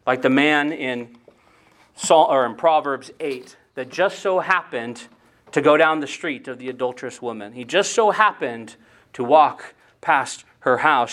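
A man's voice: mid-range voice, a bit bright. A man preaching a sermon in an earnest way, often repeating words and asking rhetorical questions.

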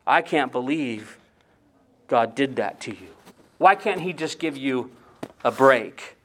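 A man's voice: medium pitch, lively intonation, slow pace, a bit bright, slight background noise, pitched below the performer's own voice. A man preaching who briefly voices a sly male devil whispering coaxing, falsely sympathetic taunts.

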